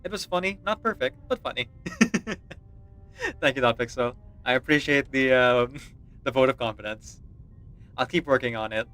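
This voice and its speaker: A man's voice: mid-range voice, lively intonation, normal speed, long pauses, fairly bright tone, faint music behind. A man streaming a game, chatting casually and in a self-deprecating way, with frequent laughs. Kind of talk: casual livestream chat.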